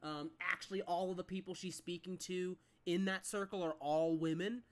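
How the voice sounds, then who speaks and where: A game master describing the scene in a tabletop game, at a middle pitch. The narration rambles and is packed with fillers as the speaker searches for words. The delivery is casual and unscripted. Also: fairly even intonation, moderate pace.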